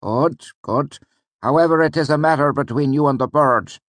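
A man's voice: on the high side, normal speed, a bit bright, dry recording, pitched above the performer's own voice. A man doing a wry, teasing old mentor. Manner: wry, questioning, patient. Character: dry, teasing older male teacher. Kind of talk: audiobook character voice.

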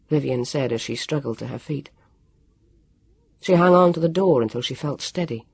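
A woman narrating a children's novel with expressive storytelling. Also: rumbling low, moderate pace, creaky, long pauses, breathy edge, no room sound. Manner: expressive storytelling, character voices. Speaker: audiobook narrator. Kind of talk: scripted narration.

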